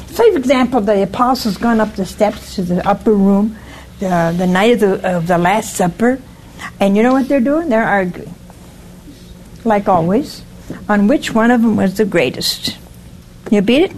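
A woman's voice: mid-range voice, expressive, moderate pace, a little mellow, slight background noise, low-quality recording. An older woman giving an informal, folksy sermon, often stopping to ask "see?" and putting questions to her listeners. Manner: folksy, keeps asking "see?". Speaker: preacher.

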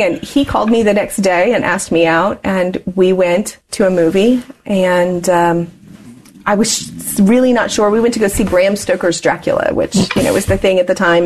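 A woman's voice: fairly low pitch, darkish tone. A woman in her forties, an interview guest telling her life story candidly and laughing often as she talks.

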